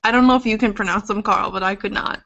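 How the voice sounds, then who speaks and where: A woman's voice: mid-range voice, fairly even intonation, fast, creaky, sharp tone. A young woman from Iowa co-hosting a podcast, chatting casually in a rambling way with casual swearing. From Iowa, United States. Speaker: podcast co-host. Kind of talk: casual chat. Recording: dull lo-fi webcam audio.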